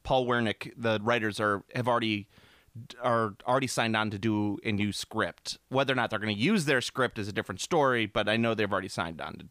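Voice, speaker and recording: A man's voice: lowish voice, a little fast, a bit bright, no echo, clean studio sound. A man co-hosting a podcast in casual movie chat, rambling with fillers and laughs. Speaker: podcast co-host.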